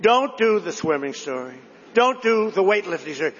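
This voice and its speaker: Man quoting elegant wife, soft pleading, dull lo-fi sound, long hall echo. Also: high voice, big pitch swings, normal speed, husky, heavily acted. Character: his wife, an elegant woman gently pleading with him.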